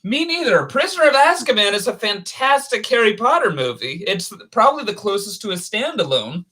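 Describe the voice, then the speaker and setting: Male co-host for live call-in chat: high, bright, sarcastic, very animated delivery. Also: fairly quick. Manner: sarcastic, jokey.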